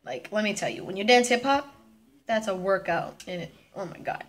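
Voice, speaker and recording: A woman's voice: medium pitch, expressive, moderate pace. A nineteen-year-old woman chatting casually in a vlog, bubbly and rambling, often restarting her sentences. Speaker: vlogger.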